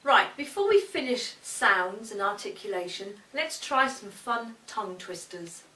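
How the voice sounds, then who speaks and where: A woman speech teacher giving a lesson, speaking slowly and enunciating every word with care. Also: medium pitch, animated, sharp tone. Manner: slow, deliberate, carefully enunciated. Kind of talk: instructional demonstration. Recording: echoey room, mic far off.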